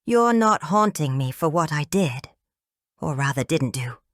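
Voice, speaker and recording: A woman voicing a confused, fearful elderly woman in an audiobook, speaking low and hushed. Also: expressive, unhurried, no room sound, studio quality. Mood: grim. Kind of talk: audiobook dialogue.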